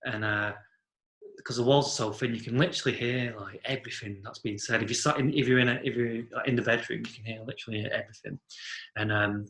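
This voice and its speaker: A man's voice: medium pitch, steady tone, fast talker, fairly bright tone. A young man telling a rambling story among friends, full of 'like' and casual swearing. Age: young adult. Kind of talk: casual chat. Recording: roomy echo.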